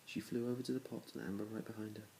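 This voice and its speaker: A man's voice: on the low side, steady tone, racing, background noise. A man reading a children's storybook aloud to his children, in a plain reading voice with small restarts. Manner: plain reading with small restarts, little change between characters.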